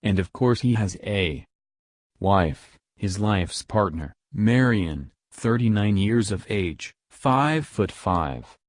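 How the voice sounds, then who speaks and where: A man with a low voice narrates an audiobook in a measured, wry way. The sound is close and dry, with no room around it. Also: expressive, no room sound.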